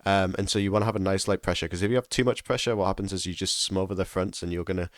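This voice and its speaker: A man's voice: sits low, fairly even intonation, very fast, dry recording, clean studio sound. A man giving casual instructional commentary over a sim racing lap, repeating key tips for emphasis.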